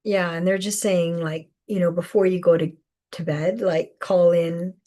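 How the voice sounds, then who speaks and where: A woman hosting a live spiritual guidance session, speaking softly with many fillers and repeated phrases. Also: fairly low pitch, flat delivery, unhurried. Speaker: intuitive guidance host.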